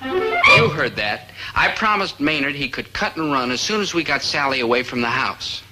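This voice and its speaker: A man's voice: medium pitch, wildly swooping pitch, normal speed, sharp tone, faint music behind, full character voice, rough recording. An actor playing an earnest, lovesick teenage boy who wisecracks and talks to the audience, in 1950s sitcom style.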